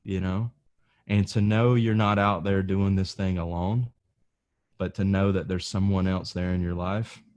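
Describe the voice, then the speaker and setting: A man hosting a podcast interview, talking in a relaxed, casual way. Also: low voice, a little slow, dull audio. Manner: relaxed, calls the guest dude. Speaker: podcast host.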